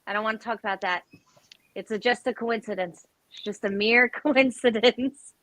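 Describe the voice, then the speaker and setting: A woman's voice: fairly high pitch, moderate pace, fairly bright tone. A woman from Brooklyn with a faint Brooklyn accent, co-hosting a casual profane livestream chat, teasing and laughing a lot. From Brooklyn, New York. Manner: teasing, laughs often, swears freely. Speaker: livestream co-host.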